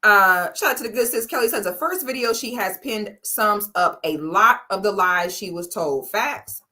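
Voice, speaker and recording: A woman hosting a casual livestream, telling a story with animated quoting and reading viewer comments aloud. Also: medium pitch, moderate pace. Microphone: camera or phone mic on a live stream.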